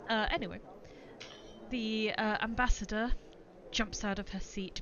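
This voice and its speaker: A woman narrating a tabletop game as game master, in a slow, wry way. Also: mid-range voice, a bit bright, lo-fi sound, a little hiss or hum.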